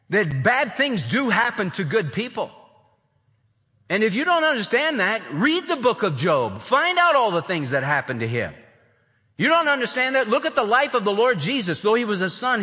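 A man preaching an expository sermon in an animated way, acting out the voices of the people he quotes, in a large church sanctuary. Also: sits high, moderate pace. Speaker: pastor. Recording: long reverb of a large hall.

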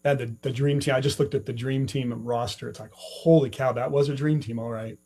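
A man's voice: medium pitch, steady tone, brisk, a little mellow, a little hiss or hum. A man hosting an interview, asking questions in a friendly way with plenty of fillers. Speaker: podcast host. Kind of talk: casual interview.

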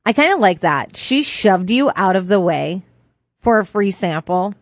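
A female morning radio co-host giving blunt, frank verdicts in casual banter. Her voice is mid-pitched. The sound is dry and close, with no room echo. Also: big pitch swings, a little slow.

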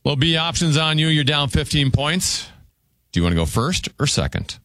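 A man hosting a word game show, briskly announcing scores and whose turn it is. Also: on the high side, big pitch swings, bright, forceful tone, no echo.

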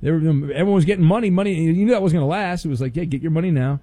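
A man's voice: on the high side, very fast, warm tone. A man hosting a call-in radio show, joking playfully with callers and crew. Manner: playful, joking, exaggerated indignation. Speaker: radio host.

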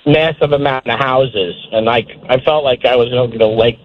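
A man's voice: medium pitch, moderate pace, slight background noise. Guy calling in, rambly, says like a lot, bit muffled line. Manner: rambling, lots of fillers. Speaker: caller. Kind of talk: telling a story on the phone.

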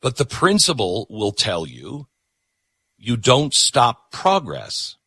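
A man's voice: mid-range voice, wildly swooping pitch, takes it slowly, bright, forceful tone, breathy edge, dry recording, clean studio sound. A man hosting a talk show, delivering an opinionated, emphatic monologue that repeats words for punch.

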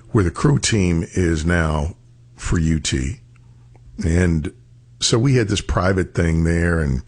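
A man's voice: sits low, a little mellow, slightly rough. A man telling a story in a casual radio talk show style.

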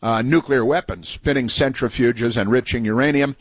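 A man hosts a talk radio show, introducing audio clips with indignant sarcasm and a rambling flow packed with fillers. His voice is medium in pitch with a breathy edge, moving at a normal speed, and there's no room sound. It's opinionated talk radio commentary.

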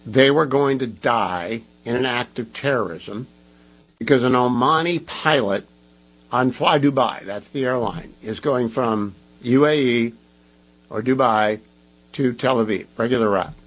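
Husky opinionated talk radio host. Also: male voice, medium pitch, measured pace, fairly bright tone, rough recording. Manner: emphatic, sarcastic, rhetorical questions.

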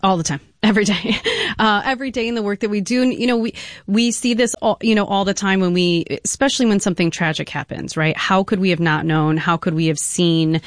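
A woman speaking as an expert guest on a panel, explaining in an animated way and often adding "you know" and "right?". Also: mid-range voice, brisk, dry recording, studio quality. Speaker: domestic violence expert guest.

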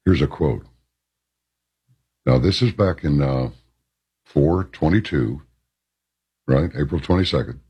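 A man's voice: extremely low pitch, a little mellow, husky. A man hosting a talk radio show, reading an article aloud and adding wry asides.

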